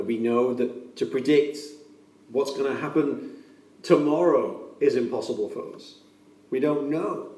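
A man's voice: fairly high pitch, warm tone. A man preaching a sermon in an earnest, emphatic way, repeating key phrases for weight. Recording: echoey room, voice from a distance.

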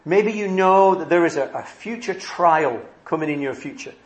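Brief: male preacher, earnest sermon delivery, slightly high voice, emphatic pacing shifts. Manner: earnest, shifting between brisk and slow emphatic phrasing.

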